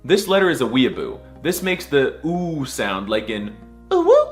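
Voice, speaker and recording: Brief: man, comedy video creator, mock alphabet lesson, very lively swooping pitch, faint music behind. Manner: sarcastic, jokey, drawn-out letter sounds.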